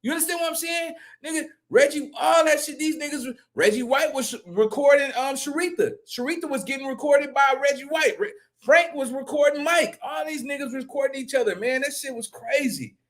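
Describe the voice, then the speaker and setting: A man's voice: very high voice, fairly quick, few pauses, fairly bright tone. A man commenting on a live stream, rambling and profane, often repeating and restarting his words. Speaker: reaction streamer.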